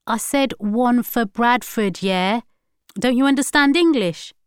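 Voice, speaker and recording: A woman's voice: on the high side, unhurried, clean tone, no room sound, clean studio sound, voice pushed up, close to an everyday voice. A woman reading the part of a brash, defiant teenage boy in an audiobook. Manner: brash, mocking.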